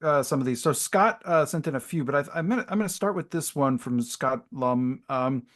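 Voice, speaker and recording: A man co-hosting a podcast, reading out viewer questions in a halting way. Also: medium pitch, lively intonation. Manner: halting, searching for words. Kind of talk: casual interview chat.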